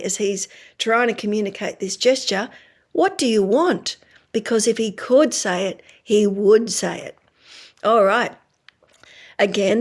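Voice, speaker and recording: Brief: woman speech pathologist, mid-pitched, coaching parents step by step with sing-song examples. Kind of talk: instructional parenting talk.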